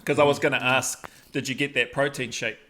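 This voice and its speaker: A man's voice: medium pitch, steady tone, a little fast. A man hosting a podcast interview, giving encouraging responses and asking follow-up questions. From New Zealand. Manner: warm, affirming listener with short backchannels. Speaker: podcast host.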